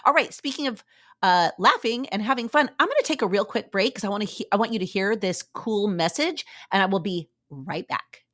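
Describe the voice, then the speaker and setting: A woman's voice: medium pitch, animated, fairly quick, a bit bright. A woman hosting a motivational fitness podcast, talking in an upbeat, chatty, cheerleading way and laughing often. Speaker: podcast host.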